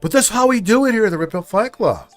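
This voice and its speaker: Casting note: high-pitched male host, sarcastic and crude, with faint music underneath. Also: expressive, quick pace, a bit bright. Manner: sarcastic, mocking, profane. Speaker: commentary show host. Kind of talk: reaction commentary.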